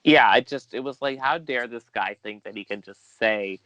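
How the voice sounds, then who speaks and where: A man's voice: mid-range voice, normal speed, pushed and bright, no echo. A man speaking as a guest in a casual podcast chat, earnest and a little rambling. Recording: dull lo-fi sound.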